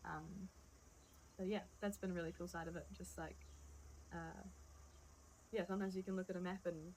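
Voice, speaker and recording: A woman's voice: fairly low pitch, fairly even intonation, normal speed, a little mellow, slight background noise, poor audio. A young woman, chatting casually as an interview guest about hiking, with many fillers and frequent laughs. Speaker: guest, hiker.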